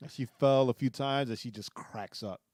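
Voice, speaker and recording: A young adult man co-hosting a podcast, telling a story in an animated way, repeating words and asking "right?". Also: medium pitch, moderate pace, no echo. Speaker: podcast co-host. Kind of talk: casual chat.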